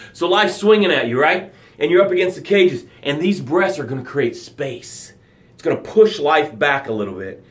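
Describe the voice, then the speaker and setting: Reading viewer comments aloud, this middle-aged man hosts a motivational live broadcast. His delivery lurches between big, dramatic bursts and hushed, gentle dips.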